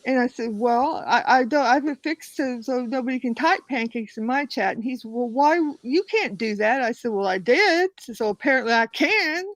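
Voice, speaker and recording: A woman's voice: fairly high pitch, expressive, moderate pace, hardly any pauses, no echo, rough recording. A woman hosting a casual livestream chat, telling a story with lots of cursing and acting out what others said. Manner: profane storytelling, acts out quotes. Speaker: host.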